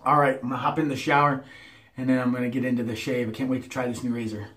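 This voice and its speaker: A man's voice: mid-range voice, flat delivery, rapid-fire, a bit bright. An American man chatting casually to camera about wet shaving, with a jokey, rambling manner full of fillers. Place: bathroom at the sink. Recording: echoey bathroom.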